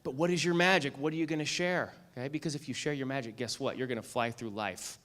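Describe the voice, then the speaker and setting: Bright, animated male keynote speaker. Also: medium pitch, fast talker. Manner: animated storyteller, acts out lines, asks "okay?" and "right?" often. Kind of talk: motivational keynote speech with a story.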